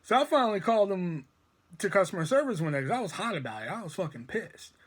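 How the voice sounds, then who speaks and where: A man with a noticeably high-pitched voice tells a long story in a loose, rambling way. He swears constantly and leans hard on his words for emphasis. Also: big pitch swings, quick pace, husky. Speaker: storytime vlogger. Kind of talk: casual storytelling rant.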